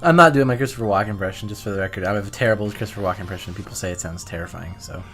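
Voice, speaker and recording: A man co-hosting a retro game review, chatty and quick to laugh, full of fillers. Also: lowish voice, a bit bright, soft background music. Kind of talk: casual game commentary.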